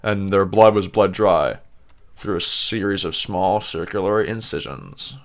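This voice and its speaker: A man's voice: low voice, a little slow, vocal fry. A Canadian man co-hosting a podcast, chatting loosely and reading facts aloud in a rambling way. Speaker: podcast co-host. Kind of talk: casual chat.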